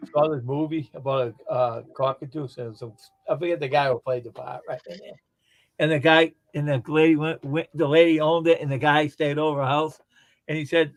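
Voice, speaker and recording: A man in a casual chat, retelling a story in a rambling, halting way with many restarts. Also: fairly high pitch, rough recording.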